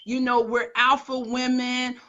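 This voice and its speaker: A middle-aged woman hosts a live-streamed interview with a bright, lively tone. Her audio is a little muffled and lo-fi. She affirms her guest often and teases him playfully. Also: a little high, unhurried. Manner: affirming, teasing, lots of mm-hmms. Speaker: show host.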